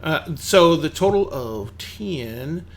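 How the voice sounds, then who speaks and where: A man's voice: on the high side, lively intonation, takes it slowly. A man narrating a tabletop game as game master, rambling with fillers and restarts.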